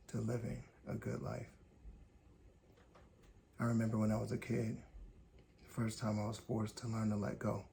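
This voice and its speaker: A man from Indiana hosting a podcast, telling a personal story in calm, deliberate, short measured phrases. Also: lowish voice, creaky, a little hiss or hum. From Gary, Indiana, USA. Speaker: podcast host. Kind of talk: reflective personal storytelling monologue.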